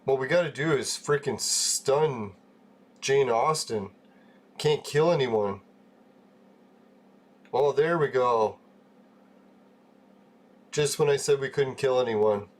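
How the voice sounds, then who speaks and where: A man's voice: mid-range voice, takes it slowly, long pauses. A man hosting a live game stream, chatting casually with viewers, chuckling often and swearing offhandedly. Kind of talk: casual live-stream chat while gaming.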